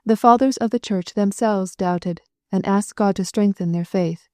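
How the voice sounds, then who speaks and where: A woman voicing a kindly, weary little old priest who speaks rapidly without pause, in an audiobook. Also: mid-range voice, dark tone, no echo, studio quality, close to an everyday voice. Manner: rapid, habitual, unbroken delivery.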